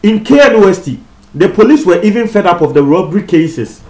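High-voiced Ghanaian man, roomy echo. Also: animated, a little fast, darkish tone. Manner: mixes Twi with English; addresses viewers directly. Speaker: TV presenter. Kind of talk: commentary on a news story.

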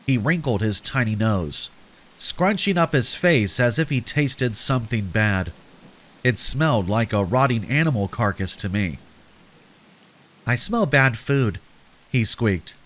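A man narrating a scripted horror story in a slow, dramatic storytelling manner. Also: on the low side, animated, a bit bright.

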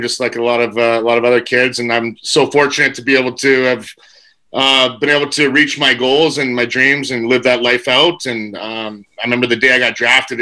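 Man, ex-pro guest, very bright tense tone, mid pitch, stop-start answers. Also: low-quality recording. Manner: halting, many fillers and restarts. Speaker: guest, former NHL player. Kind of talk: casual interview answer.

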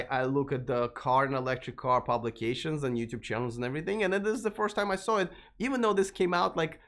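A man's voice: a little high, fairly bright tone. Rambling man hosting a car live stream. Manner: rambling, many fillers and restarts. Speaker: host of an electric car channel.

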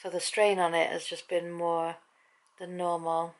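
A woman's voice: on the low side, flat delivery, a little slow, low-quality recording. A middle-aged British woman chatting candidly to her viewers at home in a daily vlog. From Britain. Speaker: vlogger. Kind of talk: casual daily vlog chat.

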